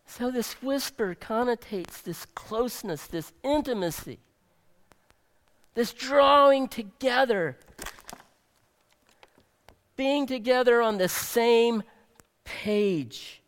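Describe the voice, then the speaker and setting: A male pastor delivering a sermon, swinging dramatically between loud emphasis and soft near-whispers. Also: very high voice, expressive, slow pace, long pauses, clear, resonant tone, big-room sound.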